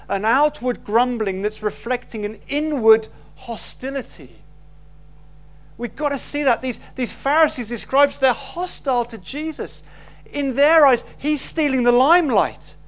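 A preacher, giving an emphatic sermon full of rhetorical questions. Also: medium pitch.

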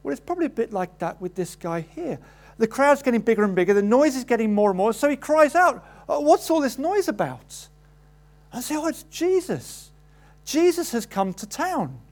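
Male preacher, animated sermon delivery, voices the story's people. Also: a little fast. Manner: animated, acts out quoted voices with rising pitch.

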